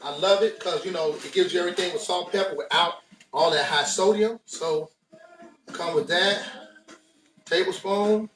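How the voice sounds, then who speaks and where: A man's voice: high voice, normal speed, a bit bright, faint music behind. Laid-back man cooking in an echoey kitchen. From United States. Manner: laid-back, chatty, addresses viewers directly. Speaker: cooking show host. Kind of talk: casual cooking demonstration. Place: home kitchen. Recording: echoey room, mic at a distance.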